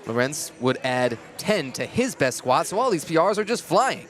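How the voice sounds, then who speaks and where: A man doing lively, joking play-by-play commentary on a livestream, chatty and excitable, a bit out of breath. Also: a little high, moderate pace, faint music behind.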